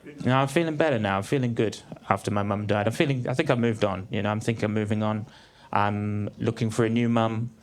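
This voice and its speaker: A man in his thirties doing a stand-up comedy set on a theatre stage, with a dry, deadpan delivery. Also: lowish voice, fast. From England. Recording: live theatre with crowd laughter. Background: audience laughter.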